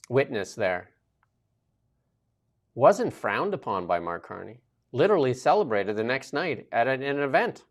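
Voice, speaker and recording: A man hosting a political commentary show, emphatic and sarcastic, firing off loud rhetorical questions. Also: medium pitch. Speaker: show host.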